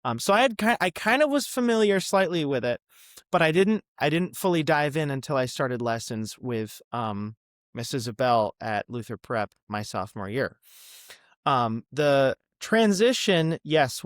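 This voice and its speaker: A young man from the Midwest, a podcast guest chatting casually about his past with lots of ums and quick asides. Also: mid-range voice, dry recording, clean studio sound. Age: young adult. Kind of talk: casual interview chat.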